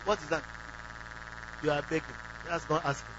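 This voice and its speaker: A man's voice: on the high side, moderate pace, vocal fry, bright, forceful tone. A man preaching a sermon who asks the congregation questions and acts out quoted prayers. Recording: dull lo-fi recording with faint hum.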